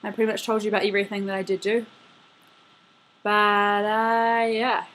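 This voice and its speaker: A woman's voice: medium pitch, level tone, moderate pace. An eighteen-year-old woman talking to her best friend in a casual video message from her bedroom, rambling and filling her talk with "like" and "um". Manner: chatty, rambling, full of "like" and "um".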